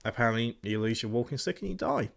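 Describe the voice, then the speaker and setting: A man's voice: mid-range voice, lively intonation, fast talker, vocal fry. An English man hosting a gaming channel, chatting casually in a self-deprecating way about a product. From England. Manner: chatty, self-deprecating, laughing between remarks. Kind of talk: casual product review chat.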